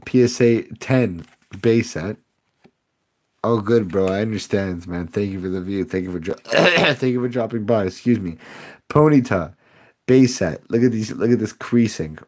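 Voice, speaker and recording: A young man with a slightly low voice chats casually with his stream audience. He jokes sarcastically and laughs often as he talks. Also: animated, moderate pace, darkish tone. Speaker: streamer opening card packs. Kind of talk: casual live-stream chat.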